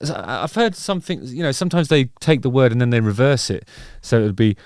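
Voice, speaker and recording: A man's voice: mid-range voice, expressive, quick pace, a little mellow, clear, resonant tone, dry recording, clean studio sound. A middle-aged man hosting a casual music video reaction, rambling and wry with playful digressions.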